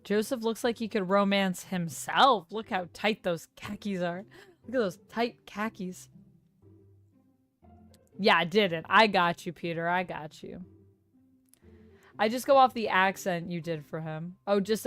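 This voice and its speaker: A woman's voice: medium pitch, a little slow, a bit bright, soft background music. A young woman streaming a dating game, chatting casually, laughing often and reading the game text aloud. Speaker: streamer playing a dating sim. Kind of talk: casual live gameplay commentary.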